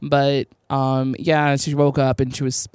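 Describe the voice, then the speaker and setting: A woman's voice: extremely low pitch, level tone, unhurried, a little mellow, clear, resonant tone, no room sound, studio quality. A woman co-hosting a TV recap podcast in casual chat, rambling with many fillers and frequent laughs. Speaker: podcast co-host.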